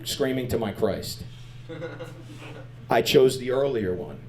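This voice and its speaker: A man doing stand-up comedy on a club stage, animated and crude, chatting with the crowd. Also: medium pitch, slow pace.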